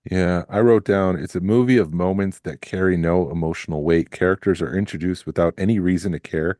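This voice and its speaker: A man's voice: low voice, steady tone, a little fast, mellow, no echo, clean studio sound. A man co-hosting a podcast, giving blunt, critical opinions in a casual chat. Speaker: podcast co-host.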